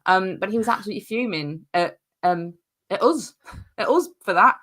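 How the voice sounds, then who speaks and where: A woman's voice: medium pitch, lively intonation, moderate pace, fairly bright tone. A woman co-hosting a casual football fan podcast, telling stories with amusement. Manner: laughing, amused storytelling. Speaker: podcast co-host.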